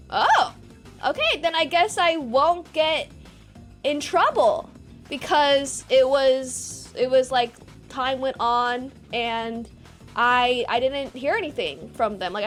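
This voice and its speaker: A young woman streamer in her twenties, telling a story to her chat in a casual, animated way, swearing and acting out the other people's voices. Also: high voice.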